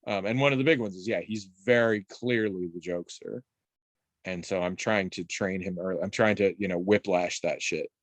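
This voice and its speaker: An adult man on a podcast in casual chat, telling stories in a rambling, animated way with restarts and the odd swear. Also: sits low, normal speed, dry recording. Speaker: podcast co-host.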